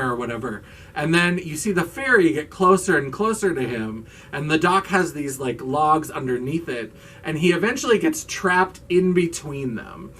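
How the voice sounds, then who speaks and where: A man's voice: a little high, animated, fairly quick, a bit bright, distant mic, a little hiss or hum. A man who hosts a video channel as a drag queen recaps a horror movie in a casual, sarcastic way, with lots of "like". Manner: chatty and sarcastic, with filler "like".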